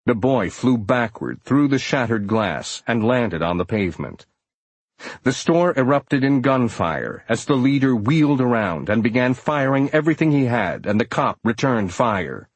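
A man narrating a thriller audiobook in a steady, dramatic storytelling manner. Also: mid-range voice, a little slow, breathy edge, dry recording.

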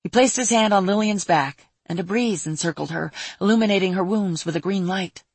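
A woman narrating a fantasy story in a steady, even reading voice on a close mic. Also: medium pitch, a little fast, slightly rough, no room sound. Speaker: audiobook narrator.

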